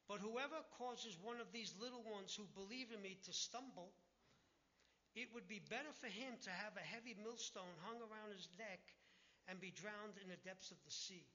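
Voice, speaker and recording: A man with a high, bright, ringing voice preaches a sermon from the pulpit. He drives his points home with emphatic, animated delivery. The sound is muffled and lo-fi. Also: moderate pace. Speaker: pastor.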